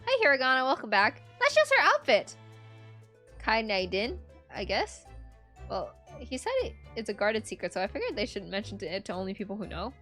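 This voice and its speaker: A woman's voice: a little high, sing-song, fairly quick, sharp tone, soft background music. Chatty woman streamer reacting to a game. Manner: chatty, jumpy, exclaiming. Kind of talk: casual game commentary.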